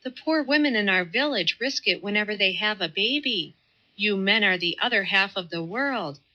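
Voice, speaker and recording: A woman's voice: mid-range voice, lively intonation, normal speed, sharp tone. A woman reading an audiobook, voicing a simple, devout young village woman who talks earnestly and pleadingly. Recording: slightly muffled audio.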